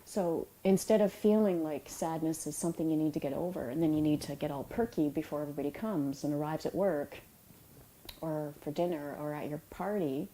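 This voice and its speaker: A middle-aged woman, an author, giving a reflective talk about emotions in a soft, unhurried and tender way, with pauses. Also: low voice, slight background noise, rough recording. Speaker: author and yoga teacher.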